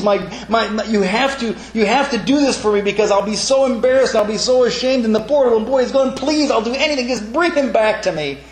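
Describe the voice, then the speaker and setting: A man voicing a flighty elderly grandmother who pleads frantically in a joke. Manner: high pleading wail. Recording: echoey room.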